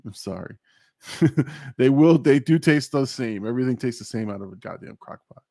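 A man's voice: mid-range voice, animated, normal speed, gravelly, warm tone, no room sound, clean studio sound. Laid-back male stream host. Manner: laughing, reading chat comments aloud. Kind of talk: casual chat on a live stream.

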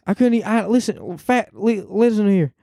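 A man doing a high, wavering voice of a cranky old male politician who rambles. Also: expressive, moderate pace, creaky, warm tone, no echo, studio quality, heavily acted. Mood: ranting. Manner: high wavering put-on voice, laughing through it.

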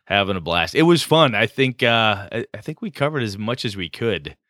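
A man chats on a gaming podcast in a low, bright, forward voice. He rambles happily through fillers and restarts. The sound is close and dry. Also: sing-song, normal speed, dry recording. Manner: rambling, enthusiastic, lots of fillers. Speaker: podcast co-host. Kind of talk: casual podcast chat.

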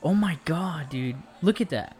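A man's voice: fairly high pitch, lively intonation, a little slow, darkish tone, soft background music. A young man hosting a casual podcast, retelling a story in loose, rambling talk full of slang and swearing. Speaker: podcast host. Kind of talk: casual chat.

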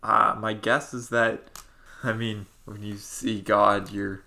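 A man co-hosting a Bible discussion, thinking aloud and trailing off quietly. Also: on the low side, flat delivery, slow pace, vocal fry, slight background noise. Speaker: co-host. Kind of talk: conversational Bible study.

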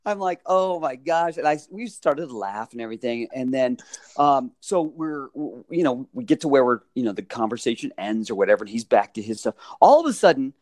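Animated man telling a story. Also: medium pitch, fairly quick, dry recording, clean studio sound. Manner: animated, acts out quotes with laughs. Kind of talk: casual storytelling chat.

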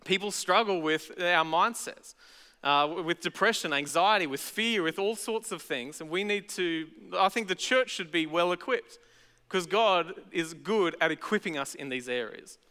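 A man's voice: high voice, moderate pace, sharp tone, clean tone. A man with an Australian accent preaching a sermon as pastor, talking in a chatty, conversational way with casual asides. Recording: echoey hall.

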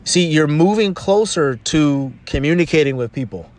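A man's voice: fairly high pitch, expressive, moderate pace, darkish tone, slight background noise. A man talking through casual advice in a loose, rambling way, often adding "you know" and restarting his sentences.

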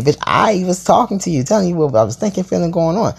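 Sassy, animated man telling a story. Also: fast talker, creaky, breathy edge. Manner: animated and sassy, with sudden jumps into high pitch; blunt and profane, with dramatic asides. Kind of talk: casual storytime monologue.

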